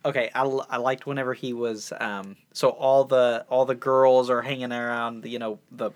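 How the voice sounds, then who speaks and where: A man co-hosting a podcast in casual chat, easygoing and quick to agree. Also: mid-range voice, flat delivery. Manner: easygoing, lots of agreeing yeahs.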